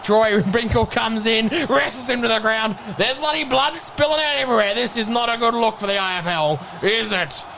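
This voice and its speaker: A young man with an Australian accent calls a mock football match in improvised comedy commentary, excitable and giggly. His voice sits high for a man, with a faint noise behind it. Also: normal speed, vocal fry, few pauses. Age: young adult.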